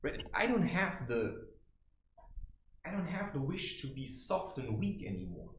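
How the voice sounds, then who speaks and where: A man's voice: mid-range voice, slight background noise, lightly acted. A man playing a blunt, boastful macho barbarian in a rambling comic monologue, keeps tossing in "right?", recorded in a room. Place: room indoors. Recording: echoey room.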